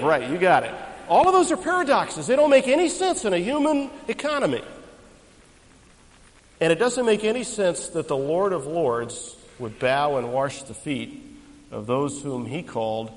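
High, animated male preacher. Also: normal speed, big-room sound, rough recording. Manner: emphatic, call-and-response questions to the congregation. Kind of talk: expository sermon.

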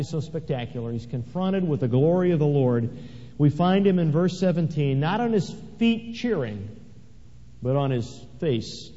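A man's voice: mid-range voice, warm tone. A man preaching a sermon, swelling dramatically when he reads scripture aloud. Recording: echoey hall, dull lo-fi sound.

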